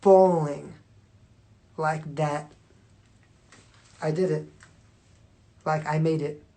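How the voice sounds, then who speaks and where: A woman's voice: sits low, steady tone, extremely slow, warm tone. A woman talking casually to viewers on a phone livestream, rambling and swearing freely with constant fillers. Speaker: livestream host.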